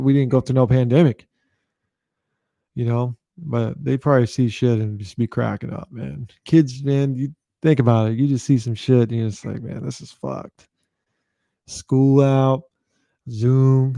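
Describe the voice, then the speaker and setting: A man's voice: medium pitch, creaky, warm tone, dry recording. A man hosting his own show, talking casually and loosely to the audience, with plenty of swearing and repeated phrases. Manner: loose, profane, repeats himself. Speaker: host. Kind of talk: casual talk to camera.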